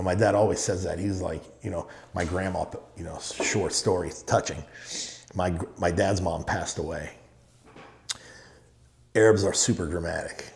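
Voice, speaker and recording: Emphatic low gravelly man. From Middle East. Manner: emphatic, repeats short phrases. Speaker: guest, real estate owner. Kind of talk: casual interview storytelling. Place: podcast studio. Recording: roomy studio echo.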